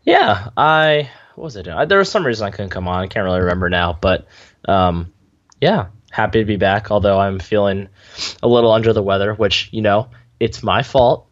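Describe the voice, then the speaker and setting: A man co-hosting a sports podcast, talking casually with dry, deadpan humor. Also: lowish voice, moderate pace. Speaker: podcast co-host. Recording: slightly dull lo-fi sound.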